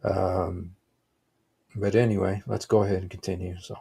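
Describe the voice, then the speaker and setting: A man's voice: low-pitched, level tone, moderate pace, vocal fry, warm tone, husky. A man hosting a livestream, giving rambling, casual reaction commentary with frequent exclaimed asides. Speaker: livestream host.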